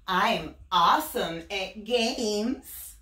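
A woman's voice: medium pitch, extremely slow, pushed and bright, pitched above the performer's own voice. Woman doing a vain little girl in red. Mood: boastful. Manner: preening, sing-song and boastful. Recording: roomy, from a distance.

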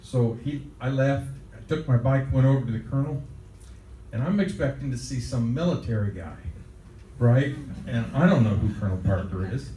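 A man's voice: medium pitch, moderate pace, mellow, a little hiss or hum. An older man recounting a childhood anecdote in a rambling, chuckling way, with his words tumbling out in starts and restarts. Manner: rambling storyteller, chuckles often. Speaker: interviewee. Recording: roomy, distant mic, faint ambience.

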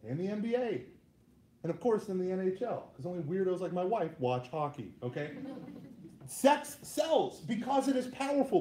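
A man in his thirties giving a lively, joking talk to a live audience as a Catholic speaker, with frequent "right?" asides. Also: high voice, reverberant, poor audio.

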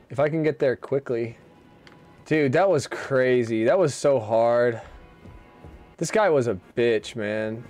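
A man's voice: medium pitch, darkish tone. A young man giving casual, profane live commentary while streaming a game. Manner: casual and profane, swears freely.

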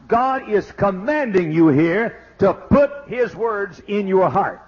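A man preaching a fiery sermon as pastor, exclaiming and shouting praise. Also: high voice, expressive, slow, hardly any pauses. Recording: dull lo-fi archive sermon tape.

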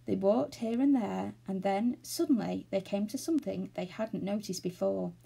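A woman reading a children's novel aloud, steady and expressive. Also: medium pitch, moderate pace, vocal fry, husky. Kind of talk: storybook read-aloud.

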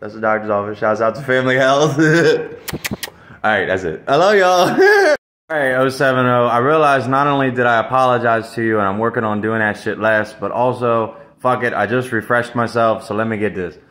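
A man's voice: expressive, moderate pace, a bit bright. A man talking casually with loose laughs and trailing asides, singing bits a cappella. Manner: loose, laughing, self-deprecating, trails off low. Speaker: amateur singer sharing a cover. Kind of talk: casual rambling shout-outs between a cappella singing. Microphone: handheld mic. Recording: echoey room.

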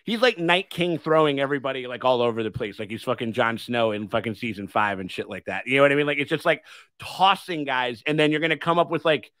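A man hosting a casual livestream chat about a TV episode, animated and swearing freely, with frequent restarts. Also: mid-range voice, quick pace, no room sound. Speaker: podcast host.

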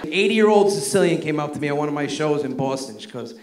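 A male stand-up comedian performing a mocking, animated set in a comedy club. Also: on the high side, quick pace, some chatter behind. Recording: echoey live club with audience noise.

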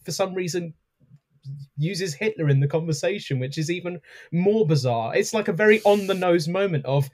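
A man with a somewhat husky, fairly high voice chats on a podcast. He talks animatedly and acts out imagined scenes as he goes. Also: lively intonation, moderate pace. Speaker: podcast co-host. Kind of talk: casual chat.

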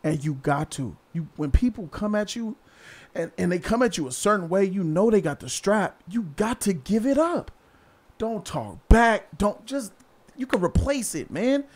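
Blunt high-voiced man lecturing. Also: big pitch swings, moderate pace. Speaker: vlog host. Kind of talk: casual street commentary. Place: outdoors in a city.

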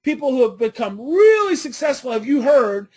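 A woman's voice: high-pitched, big pitch swings, normal speed, a little mellow. A woman giving a parenting coaching class, telling family stories and hammering points home by repeating them. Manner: storytelling with family anecdotes, emphatic repetition.

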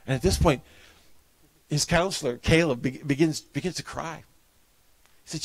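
A man's voice: on the high side, moderate pace, long pauses, no echo. A man preaching a sermon as a pastor, telling a personal story in an earnest, heartfelt way.

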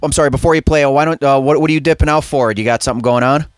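A man's voice: mid-range voice, very fast, dry recording, clean studio sound. A man hosting a podcast, chatting in an easygoing, stammering way. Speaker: podcast host. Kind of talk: casual podcast chat.

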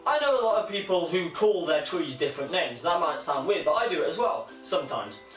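A young man delivering a sarcastic comic monologue, breaking into shrill mocking voices. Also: big pitch swings, a little fast, fairly bright tone, faint music behind. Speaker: comedian. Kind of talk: stand-up style comic monologue. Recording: echoey room, mic held far off.

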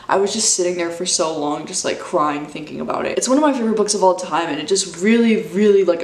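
Twenties gal vlogging about books, gushy and emotional, says like and dude a ton, kinda echoey room. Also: female voice, lowish voice. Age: 20s. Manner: gushing, emotional, sprinkled with "like" and "dude". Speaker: book vlogger. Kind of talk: casual chat.

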